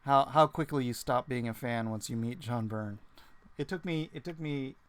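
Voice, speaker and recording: A man's voice: medium pitch, normal speed. Laid-back man hosting a livestream. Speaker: livestream host. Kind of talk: casual livestream chat.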